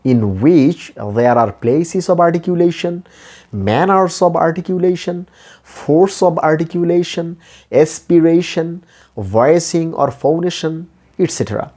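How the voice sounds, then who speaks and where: A man, a non-native speaker of English, giving a deliberate lecture on pronunciation and slowly listing terms one by one. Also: fairly high pitch, darkish tone. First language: Bengali. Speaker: English teacher.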